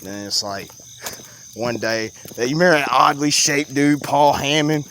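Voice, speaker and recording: Animated young man telling stories outdoors. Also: measured pace, a little hiss or hum. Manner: animated, swings between loud bursts and low mutters, laughs often. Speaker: storyteller. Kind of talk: casual storytelling chat.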